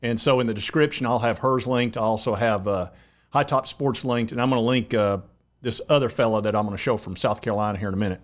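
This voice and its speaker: A man's voice: lowish voice, fast. A man hosting a sports talk channel, chatting casually and rambling with plenty of fillers. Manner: rambling, conversational, many fillers.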